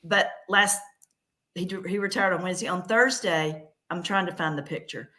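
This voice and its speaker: A middle-aged woman from the South hosts a casual chat. She tells stories in an animated way, with a bright, clear tone. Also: on the low side, moderate pace. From American South. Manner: animated storyteller, drawling. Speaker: host.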